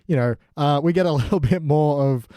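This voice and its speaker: A man's voice: a little high, a little fast, mellow, no echo, studio quality. A man co-hosting a podcast in casual chat, joking, laughing often and acting out quotes. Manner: jokey, laughs often, acts out character quotes. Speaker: podcast co-host.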